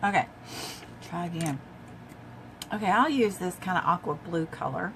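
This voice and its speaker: A woman's voice: on the low side, animated, moderate pace, fairly bright tone, a little hiss or hum. Chatty older woman doing makeup. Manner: chatty, talks to viewers while applying makeup. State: coughing from a throat tickle. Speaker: makeup vlogger. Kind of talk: casual makeup tutorial.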